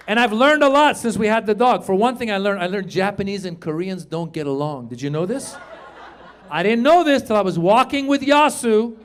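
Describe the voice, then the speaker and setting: A middle-aged man from Iran performs stand-up, his voice sitting fairly high for a man. He spins stories with animated energy and bursts into shouted punchlines, over a faint hum in the background. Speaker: stand-up comedian. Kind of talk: stand-up routine.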